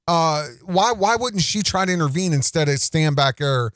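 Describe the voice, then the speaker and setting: A man's voice: fairly high pitch, expressive, moderate pace, fairly bright tone, no echo, clean studio sound. A man hosting a casual reaction commentary, rambling and indignant, with many restarts. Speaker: commentary host.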